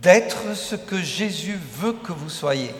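An older man from France with a French accent, a visiting pastor preaching in short measured phrases with hesitant pauses for an interpreter. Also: high-pitched, animated. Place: church sanctuary. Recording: echoey church hall.

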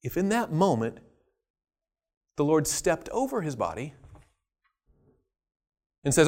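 Man, preacher, sermon, storytelling, joking asides, swooping intonation, slightly high voice. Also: slow, long pauses. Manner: animated, storytelling, jokey asides.

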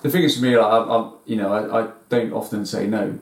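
Man, low gravelly monotone, fast, reflective podcast co-host. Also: roomy sound, recorded from a distance. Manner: low-key, reflective, hesitant with ums. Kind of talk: casual podcast chat.

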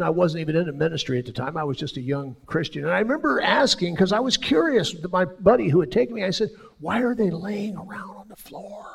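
A high-pitched man with a gravelly, husky voice preaches a sermon. His pitch leaps around animatedly as he tells stories, swinging between loud and soft. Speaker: pastor.

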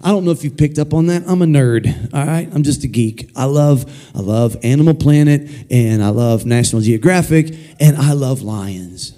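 A man preaching an energetic sermon in a church sanctuary, his voice sitting a little high and swinging widely up and down. He is playful and animated, keeps calling the congregation to say words back to him, and mixes jokes with teaching. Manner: animated, playful, prompting the crowd to repeat words. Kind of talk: energetic sermon with call-and-response.

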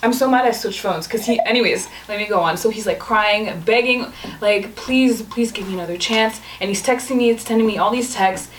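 A woman telling a dating story in casual chat, animated, acting out the messages she got. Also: mid-range voice, brisk, roomy sound, recorded from a distance, a little hiss or hum, rough recording. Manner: animated storyteller, acts out quoted texts.

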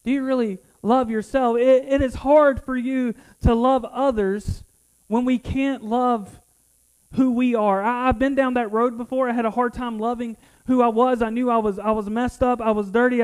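A middle-aged man with a strikingly high voice preaches an earnest, personal sermon. He often stumbles and repeats words as he restarts a thought. He sounds like a pastor talking to his own congregation. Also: fairly even intonation, moderate pace, smooth, poor audio.

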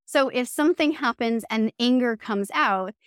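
Earnest higher-voiced woman, dry sound. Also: normal speed, clear, resonant tone, no echo. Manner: earnest, acts out quoted phrases; explanatory. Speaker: guest, somatic therapist and mindset coach. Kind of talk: podcast interview.

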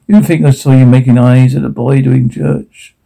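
An actor playing an abusive, menacing middle-aged father in a video game, speaking with slow, contemptuous threats and a gravelly voice. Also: medium pitch, fairly even intonation, dark tone, rough recording.

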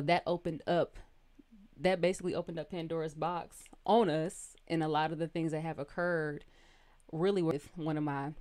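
A woman co-hosting a casual faith podcast, reading scripture aloud and growing animated at times. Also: sits low. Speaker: podcast co-host.

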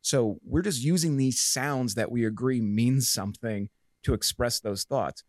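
Podcast guest, male, mid-pitched, profane and emphatic, dry close sound. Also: measured pace, no echo. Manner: profane, emphatic, rambling with fillers. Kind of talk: casual podcast chat.

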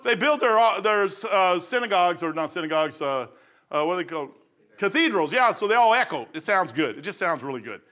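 A man's voice: sits high, very animated, a little fast, sharp tone. A man preaching a folksy sermon, rambling through stories and laughing at his own jokes.

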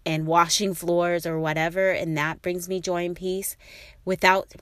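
Chatty encouraging mother, low and dry. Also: little pitch movement, measured pace, no echo. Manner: rambling, warm-hearted encouragement with many fillers. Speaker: host. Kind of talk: casual talk to listeners.

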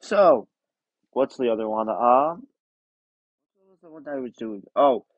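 A man's voice: medium pitch, lively intonation, measured pace, dry recording, lo-fi sound. A man hosting his own podcast in a casual, rambling, self-deprecating way, often trailing off. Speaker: podcast host. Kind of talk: casual chat.

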